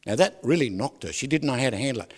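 A male pastor preaching a lively sermon, asking the congregation questions and swinging from loud to soft. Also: mid-range voice, quick pace, breathy edge. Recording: reverberant hall.

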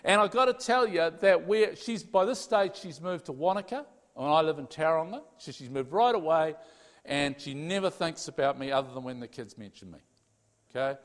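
A man telling a personal story to a live audience in an animated way, acting out both sides of the conversations. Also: on the high side, moderate pace. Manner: animated storyteller, acts out his own and God's replies in dialogue. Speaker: speaker sharing a personal story. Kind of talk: testimony talk to a live audience. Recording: hall reverb.

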